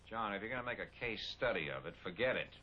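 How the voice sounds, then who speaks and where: An actor playing a weary, exasperated city police chief with a sardonic manner. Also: male voice, on the low side, animated, fast talker, pushed and bright. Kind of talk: 1960s TV drama acting. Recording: dull old TV soundtrack, hiss.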